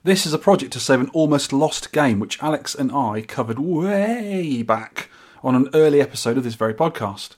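Chatty podcast co-host guy, bit husky, keeps restarting his sentences. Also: mid-range voice, lively intonation, moderate pace, a little mellow. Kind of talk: casual chat.

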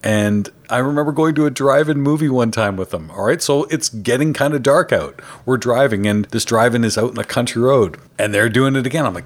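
A man hosting a podcast, telling family anecdotes in an animated, casual way. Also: mid-range voice, brisk. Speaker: podcast host. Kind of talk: casual conversation.

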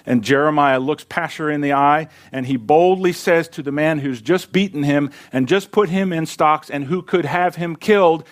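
A man's voice: fairly high pitch, normal speed, few pauses. A man preaching a sermon to his congregation, in a folksy, conversational way with asides to the listeners. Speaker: pastor.

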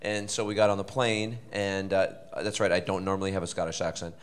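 A man telling animated, self-deprecating stories on a convention panel, speaking into a handheld mic on stage. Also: low voice, clean tone. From Canada. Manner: animated, self-deprecating, quick to act out voices. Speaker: guest actor on a convention panel. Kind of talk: anecdotal storytelling to a live audience.

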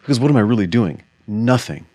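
A man's voice: medium pitch, fast talker, dry recording. A man co-hosting a podcast, chatting casually and acting out the dialogue in his stories. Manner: animated storyteller, acts out quoted dialogue. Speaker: podcast co-host. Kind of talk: casual conversation.

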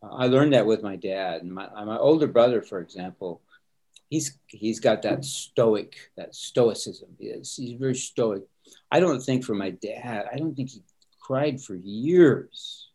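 A man's voice: fairly low pitch, animated, a little slow, mellow. Earnest, reflective man, pastor. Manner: earnest, reflective, repeats words when starting sentences. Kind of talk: conversational interview answers.

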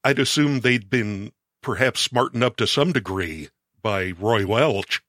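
A man's voice: mid-range voice, lively intonation, measured pace, fairly bright tone, no room sound, studio quality. A man interviewing a guest, reacting with short interjections and follow-up questions.

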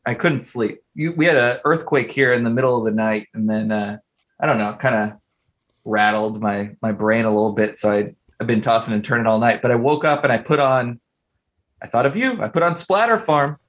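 A man's voice: medium pitch, brisk, a bit bright. Eager, chatty male podcast co-host. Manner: eager, chatty, pleading jokingly. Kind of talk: casual chat.

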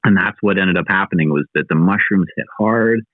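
A low-voiced man in his thirties tells a long personal story, stumbling over words and swearing freely. His voice comes through a thin, phone-like remote line. The sound is dry, with no room echo. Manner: excitable, halting, swears freely. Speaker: guest.

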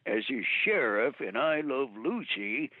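Male voice actor guest, expressive and laughing, heard over a thin phone line. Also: mid-range voice, no echo. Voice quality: animated, quick to laugh, voice actor. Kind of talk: relaxed interview storytelling. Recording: tinny phone line, dry.

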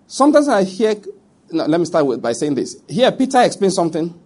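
A man's voice: high voice, big pitch swings, a little fast, darkish tone. A middle-aged Nigerian man preaching a sermon, emphatic and direct, repeating his points and speaking straight to his listeners.

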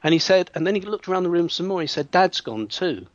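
A man's voice: high-pitched, fast, no room sound. Male hypnotherapist telling an anecdote. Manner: lively storyteller who acts out quoted voices, frequent restarts. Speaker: hypnotherapist telling a client story. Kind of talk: anecdotal storytelling in an interview. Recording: dull, dry sound.

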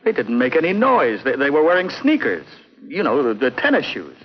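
A man's voice: mid-range voice, huge pitch swings, brisk, a little hiss or hum. A man playing a young security guard under police questioning, in a 1950s radio drama. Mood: defensive. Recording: dull lo-fi 1950s recording.

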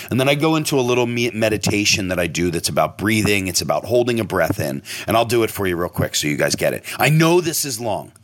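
Middle-aged male host, lower voice that swings widely, casual monologue with loud emphatic bursts. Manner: animated, emphatic, profane storyteller with sudden loud bursts. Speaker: restaurant owner and podcast host.

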